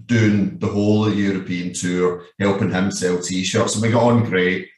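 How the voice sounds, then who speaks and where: A man's voice: deep voice, fairly even intonation, unhurried, darkish tone. A Scottish man in his fifties, a guest telling long rambling anecdotes, swearing freely and leaning on "you know what I mean". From Scotland. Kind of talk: casual storytelling. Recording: echoey room, distant mic.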